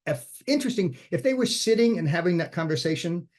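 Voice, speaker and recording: A man's voice: sits high, lively intonation, quick pace. A man giving an informal screenwriting workshop talk, conversational and thinking aloud as he goes. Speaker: screenwriting instructor.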